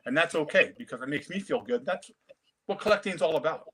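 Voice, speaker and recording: Man, 50s, animated storyteller on a video call, slightly high voice. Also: brisk, slightly rough. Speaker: comic collector guest. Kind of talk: casual chat.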